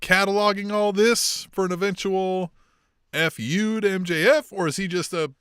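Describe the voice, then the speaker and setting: A man co-hosting a casual wrestling podcast, talking in an animated, profane way and mimicking wrestlers with bursts of laughter. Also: high-pitched, normal speed, clear, resonant tone, no room sound, clean studio sound. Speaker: podcast co-host.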